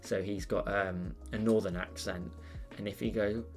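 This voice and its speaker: A man's voice: fairly low pitch, steady tone, normal speed, soft background music. A British man hosting an art channel, chatting casually on a live stream while he draws, rambling with lots of fillers and restarts.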